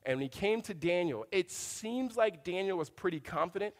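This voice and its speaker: A man's voice: sits high, lively intonation, normal speed, in a large hall. A man preaching a sermon, conversational and storytelling, with humorous asides. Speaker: pastor.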